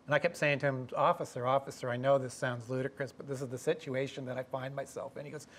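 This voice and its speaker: A middle-aged man from Canada telling a lively story to an audience, acting out the voices of the people in it. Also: medium pitch, fast talker, few pauses. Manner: lively, acts out quoted voices. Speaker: professor telling a story at a talk.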